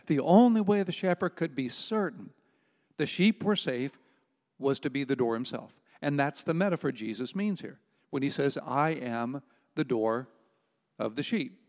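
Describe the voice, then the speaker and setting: An older man preaches with emphasis, slowing down to lean on key words. His voice sits a little high for a man. The sound rings with the long reverb of a large hall. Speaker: pastor. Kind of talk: sermon.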